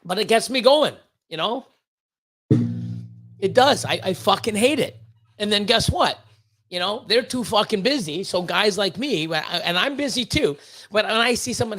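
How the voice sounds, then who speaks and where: A man's voice: sits high, expressive, measured pace, long pauses, a bit bright. A man who breeds reptiles, hosting a livestream and ranting at length, blunt and heavily profane, often stumbling over repeated words.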